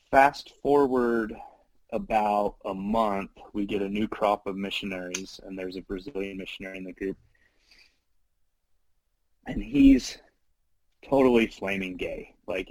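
A man casually telling a story from his mission days, animated, with many fillers and frequent laughs. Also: lowish voice, unhurried, pauses often, no room sound, rough recording.

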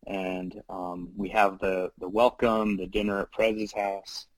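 Man, lowish voice, casual animated storyteller, filler-heavy, dry recording. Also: slow, no echo, rough recording. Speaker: storyteller recounting his mission.

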